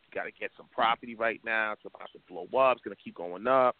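A man's voice: on the low side, fast, no room sound. A man from Brooklyn calling in to a show, talking in an earnest, rambling way as he thinks aloud. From Brooklyn, New York. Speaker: caller. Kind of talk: casual phone call. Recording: dry, tinny phone line.

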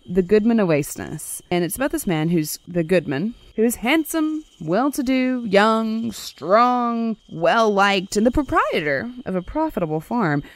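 A woman's voice: medium pitch, animated, measured pace, hardly any pauses, no room sound, low-quality recording. A woman hosting a podcast, retelling a folktale with wry, irreverent asides. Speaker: podcast host. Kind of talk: comedic folklore storytelling.

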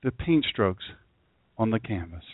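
A man's voice: lowish voice, sing-song, a little slow, dry recording. A man from Southern Delaware preaching a sermon in a folksy way, often repeating phrases and calling his listeners folks. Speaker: pastor. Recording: tinny phone-like audio.

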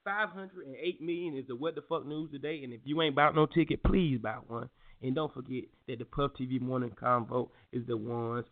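A man's voice: mid-range voice, fairly even intonation, fairly quick. A man hosting a morning show in loose, joking casual chat, full of slang, laughs and restarts. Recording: tinny phone-like sound with faint music.

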